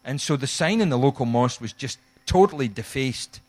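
A middle-aged man preaching a sermon, telling a humorous story with animated, acted-out quotes. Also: medium pitch, fairly quick. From Scotland. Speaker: guest pastor.

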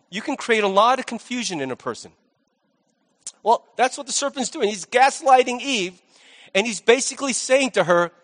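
With a slightly bright, fairly high voice, a male pastor preaches casually and conversationally, sprinkling jokes between points. The long echo of a large church hall lingers behind his words.

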